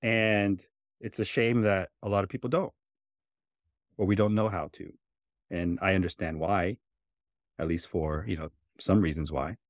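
Low-pitched male podcast host, dry and close, reflective casual storyteller. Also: fairly even intonation, a little slow, long pauses, dry recording. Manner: reflective, many fillers like "right?" and "you know".

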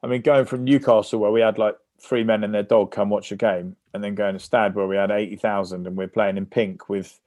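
A man with a fairly low voice speaks in a casual podcast interview. He tells his stories in a lively, anecdotal way. The sound is dry and close, with no room around it. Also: fairly quick, few pauses, no echo. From England. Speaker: guest, former rugby player.

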